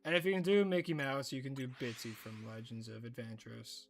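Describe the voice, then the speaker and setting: A woman's voice: very deep voice, steady tone, a little fast, soft background music. A woman streaming a game and chatting casually, playful and given to mock-dramatic narration and whispered asides. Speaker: gaming livestreamer.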